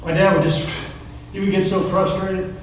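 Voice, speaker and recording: A man's voice: high voice, flat delivery, moderate pace, slight background noise. A middle-aged man preaching a recovery ministry sermon, with rhetorical questions and lots of repetition. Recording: very echoey room, distant mic.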